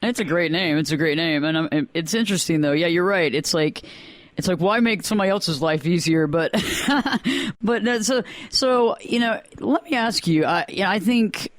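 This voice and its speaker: A man hosting a radio interview, telling stories in a lively, animated way. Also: high voice, normal speed, no room sound. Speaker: radio show host. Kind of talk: casual interview chat.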